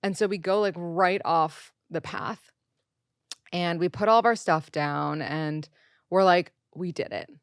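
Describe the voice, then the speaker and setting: Woman podcast host, thirties, chatty and animated storyteller, dry close sound. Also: fairly low pitch, measured pace, clear, resonant tone, no room sound. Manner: animated, quotes people in raised voices, swears. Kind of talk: casual storytelling.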